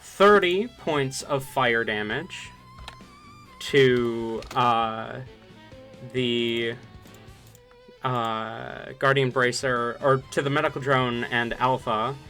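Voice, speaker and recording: Male game master, unhurried and meandering, bright-toned voice. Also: medium pitch, faint music behind. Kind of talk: narrating a tabletop game.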